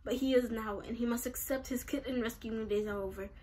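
A woman's voice: fairly high pitch, steady tone, a little fast, a little mellow, lightly acted. A woman voicing an earnest, overly formal young man cursed into a bull, in her own voice. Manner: stiff, overly formal phrasing.

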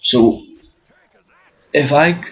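This gaming commentator is a tired young man whose casual talk over a zombie game meanders, often breaking off and starting again. His voice sits on the high side, slightly rough and extremely slow, and a dull lo-fi mic adds faint hiss.

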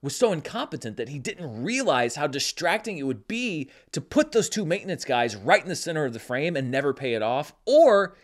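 Brief: man reviewing a film, sarcastic and incredulous, fairly high lively voice. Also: fairly quick, few pauses. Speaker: film critic.

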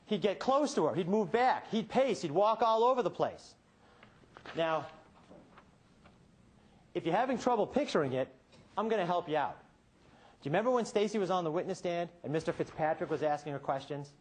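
In a courtroom, a defense attorney with a high-sitting male voice delivers his closing argument to the jury. He presses rhetorical questions, pausing dramatically and switching suddenly between quiet and emphatic delivery.

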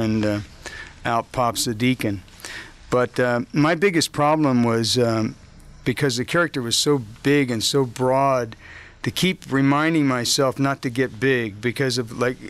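Guy chatting at a press junket, smooth resonant voice, laid back, rambles and chuckles. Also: medium pitch. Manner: relaxed, rambling storytelling with chuckles. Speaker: actor interviewed about his film role. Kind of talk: press junket roundtable interview. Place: hotel press junket room, indoors.

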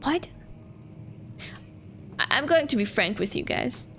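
Young woman, high voice, slow, playful, swears, giggles, gameplay chat. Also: animated, a bit bright, slight background noise. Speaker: streamer. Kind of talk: casual gameplay commentary.

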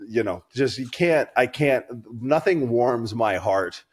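A man's voice: medium pitch, expressive, slow pace, slightly rough. Profane, rambling male podcast storyteller. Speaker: podcast co-host. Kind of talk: casual chat.

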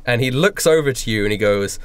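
A man's voice: mid-range voice, expressive, fairly quick, clean tone, dry recording. A man narrating as game master in a tabletop game, laughing often.

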